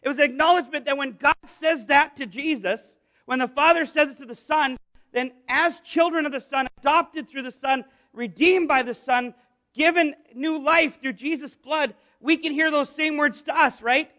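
A middle-aged man preaching a sermon as pastor, animated and asking his congregation questions. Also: extremely high pitch, normal speed.

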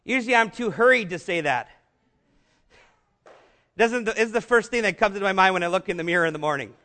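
Guy pastor giving a sermon, real high voice, asks lots of questions. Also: lively intonation, bright, forceful tone. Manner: rhetorical questions, emphatic slow repetitions.

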